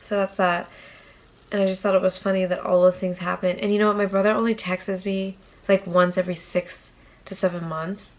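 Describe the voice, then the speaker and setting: A woman's voice: medium pitch, flat delivery, a little fast, darkish tone. A young woman from Massachusetts telling a casual storytime vlog, chatty and profane, with whispered asides. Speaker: YouTuber.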